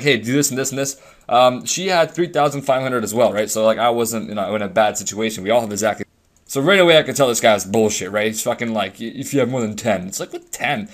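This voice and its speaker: A young man rambling through a profane, sarcastic story while commentating on his game. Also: medium pitch. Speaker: gamer commentating over gameplay. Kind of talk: casual storytelling rant.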